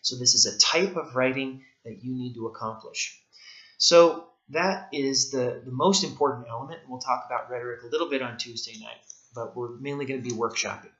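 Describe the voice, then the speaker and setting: A man's voice: mid-range voice, a little fast, fairly bright tone. Man lecturing with emphasis in an echoey room. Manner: emphatic, repeats key points. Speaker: writing instructor. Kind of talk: recorded course lecture. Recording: echoey room, dull lo-fi sound.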